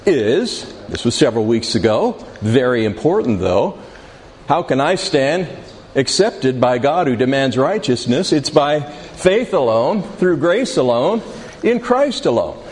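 A man teaching a Bible class, speaking deliberately and putting questions to his students in a room with a board. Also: mid-range voice, sing-song, slightly rough. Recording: reverberant hall, faint background noise.

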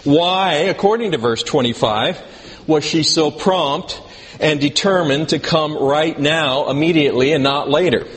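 A man with a rather high voice preaches a little slowly, treating his sermon as a conversation. He asks the congregation questions and uses dry self-deprecating humor, recorded in a hall with long reverb and slight background noise.

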